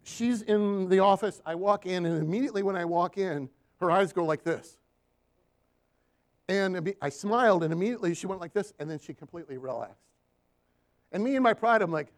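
A man's voice: high voice, brisk. A man, a Christian counselor, preaching a storytelling sermon with slides and asking the room for amens. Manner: storytelling, asks the room for "Amen?".

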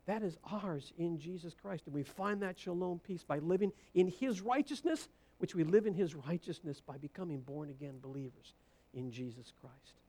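A woman preaching a sermon, stressing her points by repeating phrases and swinging from hushed low lines to loud rising bursts. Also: normal speed.

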